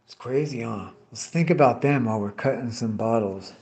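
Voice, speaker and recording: A man's voice: medium pitch, moderate pace, darkish tone. A middle-aged man chatting casually and swearing a lot while he rants about old bosses and work crews. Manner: profane, ranting storyteller. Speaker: vlogger cutting bottles. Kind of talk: casual rambling chat. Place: tree care worker.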